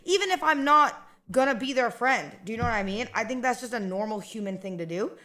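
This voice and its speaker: A woman's voice: a little high, animated, fairly quick, bright, forceful tone. A woman streamer in casual chat, rambling and chatty with lots of fillers and restarts.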